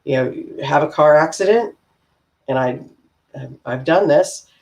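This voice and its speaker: A middle-aged woman sharing personal stories in a casual panel discussion, speaking in a calm, reflective way. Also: sits low, unhurried. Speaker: panel guest.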